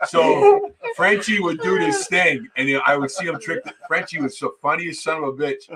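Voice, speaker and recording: A man in his sixties swapping road stories at a signing, profane and animated, acting out the people in them. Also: on the high side, normal speed, crowd noise. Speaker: guest wrestler at an autograph signing. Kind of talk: casual storytelling.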